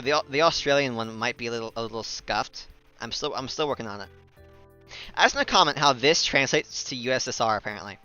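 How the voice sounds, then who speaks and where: Bright, chatty man reading a game aloud. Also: medium pitch, brisk. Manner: chatty, jokey, talks to viewers. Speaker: voice actor reading a visual novel. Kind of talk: casual chat and game narration. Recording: dull lo-fi recording with faint music.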